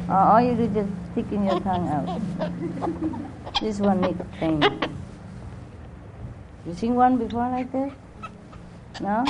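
This woman speaks very slowly with long pauses, her medium-pitched voice swinging widely, and the highs sound cut off. She leads a spiritual center gathering indoors, chatting casually, teasing her audience playfully and cooing at her pets in loosely non-native English. The live room recording is noisy.

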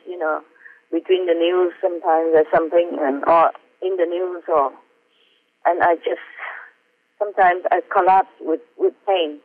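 A man reading aloud from his personal diary notes as a spiritual teacher, earnest and halting, with many fillers and small self-mocking laughs. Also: high-pitched, no room sound. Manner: earnest, heartfelt. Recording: tinny phone-like audio.

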